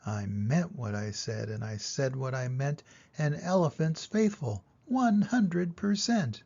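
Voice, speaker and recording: An older man reading aloud, voicing a patient, faithful male elephant in slow, earnest declarations. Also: mid-range voice, dark tone, pitched below the performer's own voice. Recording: lo-fi dull recording.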